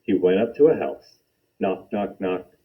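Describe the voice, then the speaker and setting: A man reading a children's picture book aloud with expressive, animated storytelling. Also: low-pitched, measured pace. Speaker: storytime reader. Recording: dull lo-fi recording.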